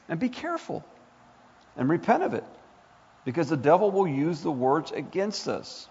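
This male pastor sounds very animated, with a voice on the high side, vocal fry, slight roughness, normal speed, and long pauses. His sermon builds passionately toward near-shouts and uses rhetorical questions. The recording is dull, lo-fi, and echoey from the hall.

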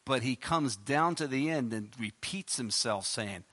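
A man's voice: medium pitch, measured pace, few pauses, fairly bright tone. A man preaching a sermon who reads scripture aloud with rising emphasis, asks rhetorical questions and closes in spoken prayer.

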